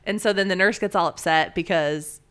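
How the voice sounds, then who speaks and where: A woman co-hosting a podcast, telling a story in a casual, animated way and laughing often. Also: fairly low pitch, brisk, smooth. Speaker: podcast co-host.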